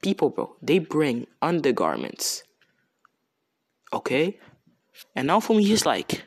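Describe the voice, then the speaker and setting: Slow, rambling young man telling a fan story. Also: fairly high pitch, wildly swooping pitch, no room sound. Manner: rambling, slangy, with many restarts. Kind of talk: improvised casual storytelling.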